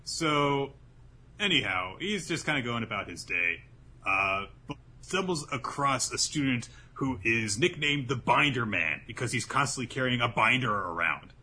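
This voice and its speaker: Bright, husky-voiced male podcaster. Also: medium pitch, very animated, normal speed. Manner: rambling, sarcastic, swears casually. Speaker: podcast co-host. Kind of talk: casual chat recapping a manga.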